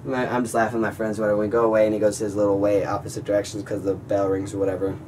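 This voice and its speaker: A young man vlogging, telling a story to his viewers in an animated way and calling them guys. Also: on the low side, very fast, distant mic, slight background noise. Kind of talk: storytelling vlog.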